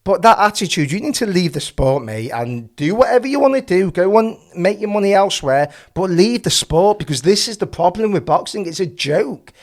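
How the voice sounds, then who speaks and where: Male channel host with a high, lively voice; fired-up opinion piece, heavy on rhetorical questions. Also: normal speed, few pauses. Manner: passionate, ranting with rhetorical questions. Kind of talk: opinionated commentary.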